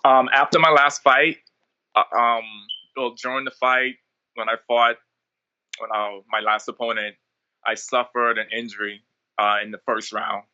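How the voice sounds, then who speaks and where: A man's voice: mid-range voice, measured pace, highs cut off. A young man from the Bahamas, a fighter telling stories in a casual interview with lots of ums and likes. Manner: relaxed, rambling, many ums and likes. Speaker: MMA fighter, interview guest.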